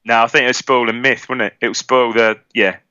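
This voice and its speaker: A man's voice: medium pitch, level tone, normal speed, sharp tone, clean tone, no echo, dull audio. A man co-hosting a casual football podcast, often jumping in with questions and prompts. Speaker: podcast co-host.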